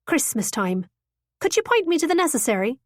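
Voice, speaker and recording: A woman's voice: high-pitched, sing-song, brisk, dry recording, voice pushed up. A flustered young widow stammers her replies in a lifted, breathless voice, read by a woman. She sounds nervous and impulsive, pushing her words out in a rush. The sound is dry and close.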